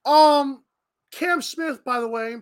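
A woman's voice: high voice, slow. A woman hosting a morning show podcast, chatting casually with a guest and laughing often.

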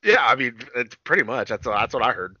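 A man's voice: mid-range voice, big pitch swings, a little fast, pushed and bright, no room sound, highs cut off. A man co-hosting a casual podcast, recapping a TV episode, swearing freely and acting out scenes in quoted voices. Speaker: podcast co-host.

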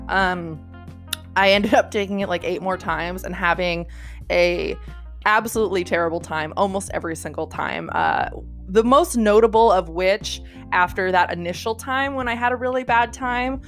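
A woman's voice: normal speed, soft background music. A young woman casually telling a personal story, full of filler words and swearing, with her voice jumping up when she quotes people. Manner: animated, jumps high when quoting people.

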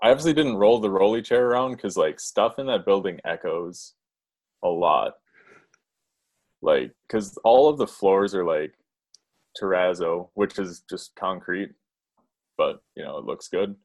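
A young man co-hosting a casual chat, telling a story hesitantly with many pauses. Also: low-pitched, darkish tone. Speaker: podcast co-host.

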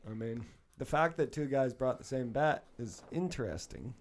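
A man co-hosting a casual betting podcast, playful and quick to laugh. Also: medium pitch. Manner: playful, lively, laughs a lot. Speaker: podcast co-host. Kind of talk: casual chat.

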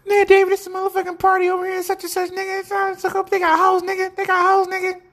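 A squeaky, high-voiced party-hyping buddy. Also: male voice, fast. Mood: hyped. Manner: squeaky and excited.

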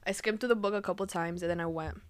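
Teen girl, casual storyteller, quick delivery, loose and profane. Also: on the low side, clean tone. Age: teens. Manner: fast, animated storytelling with swearing and laughter. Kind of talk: casual chat.

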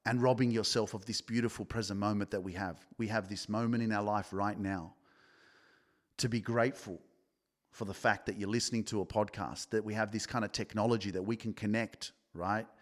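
A man's voice: fairly low pitch, steady tone, a little fast. A man hosting a self-help podcast, talking straight to listeners in a pushy, repetitive way and swearing often. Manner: swearing, pushy, repeats himself, quotes people in his own voice. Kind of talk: motivational podcast monologue, live-streamed.

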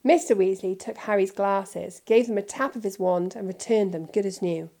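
A woman reading a children's novel aloud in steady, clear narration. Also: medium pitch, normal speed. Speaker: storybook reader.

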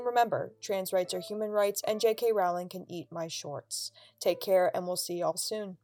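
A woman narrating a tabletop game as game master, animated and giggly. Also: on the low side, normal speed, few pauses, soft background music. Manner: animated, laughing storyteller.

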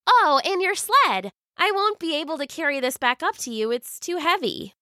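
A woman voicing a brave, cheerful little village girl in a storybook, bright and eager. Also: very high-pitched, big pitch swings, normal speed, dry recording, studio quality, pitched above the performer's own voice, full character voice.

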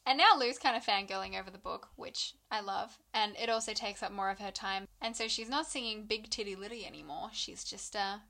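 A young woman casually retelling a novel's plot to a friend, playful and quick to laugh. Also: mid-range voice, vocal fry, pushed and bright. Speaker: book podcast co-host. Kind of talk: casual chat recapping a novel.

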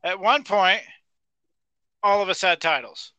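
Bright, high-voiced man, dry sound. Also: expressive, a little slow, dry recording, lo-fi sound. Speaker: podcast co-host. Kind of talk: casual chat.

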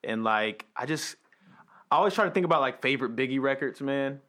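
A man hosting a casual podcast chat, laid-back and filling pauses with "like" and "um". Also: medium pitch, lively intonation, bright, forceful tone. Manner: laid-back, many fillers like "like" and "um". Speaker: podcast host.

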